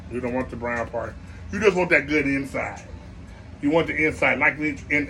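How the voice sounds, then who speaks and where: A man's voice: on the high side, sharp tone, slight background noise. A man hosting a comic cooking show, rambling playfully with asides while he chops vegetables.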